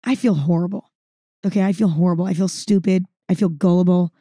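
A woman's voice: fairly low pitch, fairly even intonation, brisk, dark tone, breathy edge, no room sound, clean studio sound. A woman vlogger telling a story to camera in a casual monologue, dramatic and emphatic, repeating words for effect and swearing freely.

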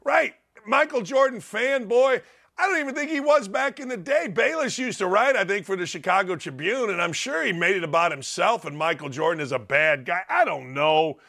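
A man's voice: high-pitched, moderate pace, gravelly. A man hosting a radio show, delivering an opinionated monologue with lots of stammering restarts and repeated phrases. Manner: repetitive, excitable, stammering restarts. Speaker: talk radio host.

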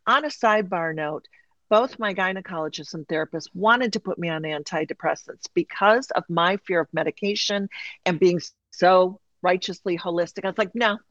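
A woman guest telling a candid personal story in conversation, animated and acting out quoted voices. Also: fairly low pitch, normal speed, no room sound, lo-fi sound.

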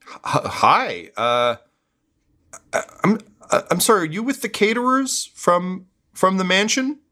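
A jittery tabletop-game guard stammers through every sentence, his voice pitched far up and edged bright, as a man puts him on. He fumbles, restarts and apologizes as he goes. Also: big pitch swings, a little slow, heavily acted. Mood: flustered. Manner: stammering, flustered. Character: nervous stammering male gate guard.

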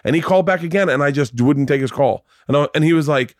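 A man's voice: on the high side, animated, brisk, few pauses, no echo. A middle-aged man in casual chat, telling stories animatedly, acting out voices and swearing freely on a close mic. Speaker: podcast guest, husband of host.

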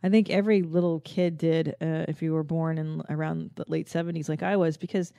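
A woman's voice: deep voice, steady tone, a little fast, gravelly, dark tone, no room sound, highs cut off. A woman in her forties from the Los Angeles area hosting a podcast, rambling in a casual, profane and self-mocking comedic monologue. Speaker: podcast host.

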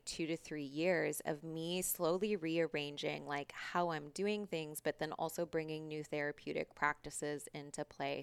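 A woman's voice: low voice, vocal fry, clear, resonant tone, dry recording. A middle-aged woman, a podcast guest, telling a personal story in casual, candid talk, swearing freely and acting out past conversations.

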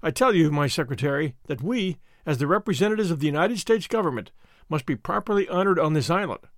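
A man voicing a bold, boastful young American consul in an audiobook, making forceful declarations. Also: on the high side, animated, quick pace, no room sound, studio quality. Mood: commanding.

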